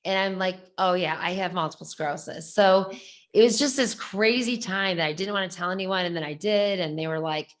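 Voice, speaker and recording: A woman's voice: lowish voice, brisk. A woman hosting a podcast roundtable, chatty and self-deprecating as she tells stories. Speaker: podcast host. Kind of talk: casual roundtable chat.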